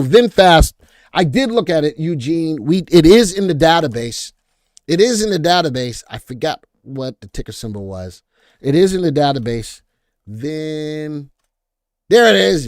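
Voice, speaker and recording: A man's voice: fairly high pitch, no echo, clean studio sound. A man with a Boston accent hosting a live stock market stream, rambling, repeating himself and answering viewer chat as he goes. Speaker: stock market show host.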